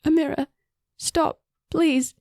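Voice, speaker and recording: A woman voicing a gentle young princess who is crying and desperately begging her older sister. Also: high-pitched, fairly even intonation, slow, dry recording, clean studio sound, voice pushed up. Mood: tearful pleading.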